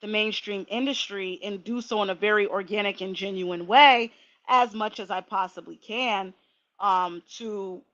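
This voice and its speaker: A woman hosting a casual livestream, chatty and animated, talking straight to her viewers. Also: medium pitch, lo-fi sound. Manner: chatty, animated, laughing asides. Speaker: livestream host.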